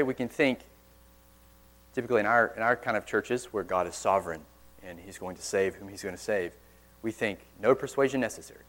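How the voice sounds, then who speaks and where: A man preaching a sermon in church, earnest, pressing hard on key words and then dropping suddenly quiet. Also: fairly low pitch. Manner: earnest, forceful emphasis with sudden quiet drops.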